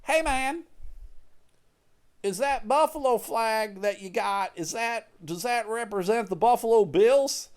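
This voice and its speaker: Guy putting on a friendly neighbor dude, higher voice, nosy questions. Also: animated, normal speed, few pauses, darkish tone. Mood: curious. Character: chatty male neighbor, football fan.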